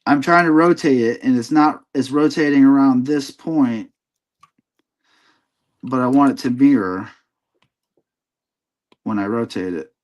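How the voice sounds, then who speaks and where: A man's voice: mid-range voice, measured pace, long pauses. A man hosting a livestream, talking himself through his digital sculpting steps in casual chat.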